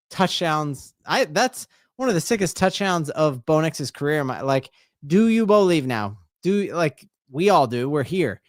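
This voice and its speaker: A man streaming live fan play-by-play commentary. He talks casually and rambles, then erupts into loud repeated exclamations. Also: on the high side, lively intonation, measured pace, no echo, clean studio sound. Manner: rambling, casual, full of fillers and restarts.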